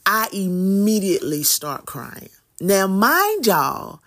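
Chatty middle-aged woman, animated storyteller, podcast host. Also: fairly low pitch, unhurried. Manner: animated, chatty, with Southern slang. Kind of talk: casual storytelling monologue.

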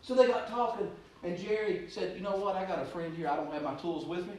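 A man preaching a sermon, rambling through anecdotes and then rising to loud exhortation. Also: high-pitched, steady tone, a little fast. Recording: echoey room, distant mic, faint noise.

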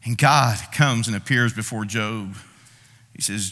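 Bright-voiced preacher in an echoing hall. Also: male voice, lowish voice. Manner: preaching with dramatic voiced prayers and pauses. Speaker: pastor. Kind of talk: sermon. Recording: long reverb of a large hall.

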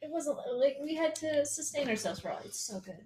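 A young American woman appearing as a podcast guest in casual chat, with dry asides that trail off softly. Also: high voice, animated, a little fast. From United States. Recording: roomy sound with faint ambience.

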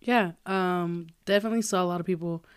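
A woman co-hosting a podcast with her sister, chatting casually with a lowish voice. She is blunt and teasing and swears freely. She sounds a bit tipsy. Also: steady tone, a little fast, clear, resonant tone. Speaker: podcast co-host. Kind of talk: casual chat.

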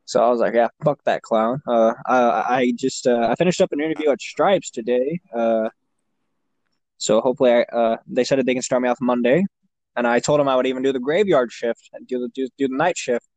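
A man's voice: mid-range voice, a little fast, a little mellow, dry recording. A young man chatting casually, telling a long rambling story with lots of swearing and fillers. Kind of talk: casual chat.

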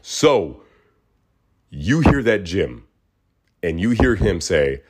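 A man with a fairly low voice hosts a solo podcast. His talk is casual and rambling, with many fillers and restarts. He keeps it animated by acting out the voices of people he quotes. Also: slow pace, breathy edge. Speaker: podcast host.

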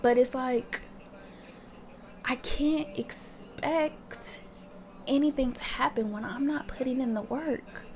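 A woman's voice: high-pitched, slow, darkish tone, a little hiss or hum. A young woman hosting her own podcast, talking candidly in a casual monologue and swearing freely. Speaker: podcast host.

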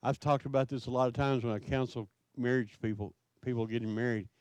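A man preaching a sermon, asking his listeners question after question in a slow, emphatic way. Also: medium pitch, steady tone, a little mellow, no echo. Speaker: pastor.

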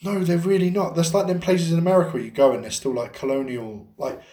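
A man's voice: on the high side, quick pace, mellow, roomy sound. A young adult Englishman co-hosting a podcast, swearing a lot and telling a story animatedly. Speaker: podcast co-host. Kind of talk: casual storytelling chat.

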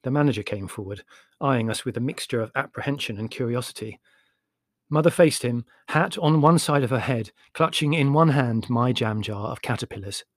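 A man narrating an audiobook in a measured, wry storytelling voice. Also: mid-range voice, no room sound, clean studio sound.

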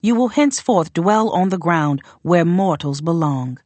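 A woman reading as a proud northern warrior queen lays out terms in a low, formal voice. She sounds measured and coolly contemptuous, close and dry with no room around her, an audiobook figure. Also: expressive, darkish tone, no echo. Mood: cold, demanding.

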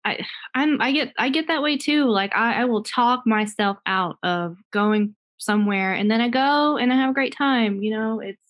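A woman's voice: a little high, moderate pace, a bit bright. A woman in casual podcast chat, agreeing and relating her own experience.

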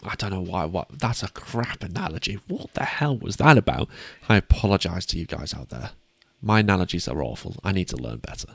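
A man's voice: low-pitched, sing-song, a little fast, creaky, hardly any pauses, slightly rough, no echo. A British man co-hosting a casual sports chat, upbeat and self-deprecating. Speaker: podcast co-host.

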